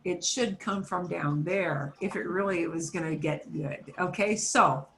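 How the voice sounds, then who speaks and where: A woman's voice: on the low side, unhurried, a bit bright, reverberant, a little hiss or hum. A woman teaching an online Spanish class for beginners, patiently modelling words for students to repeat.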